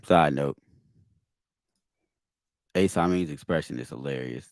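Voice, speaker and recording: A man's voice: low voice, wildly swooping pitch, a little slow, pauses often, dry recording, clean studio sound. A man hosting a podcast and reacting to a video, exasperated and emphatic, often repeating his words. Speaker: podcast host.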